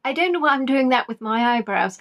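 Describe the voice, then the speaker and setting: A woman's voice: high voice, lively intonation, brisk, fairly bright tone. A woman hosting a live-stream quiz in a chatty, giggly way, reading out viewers' answers and teasing them. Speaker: quiz host.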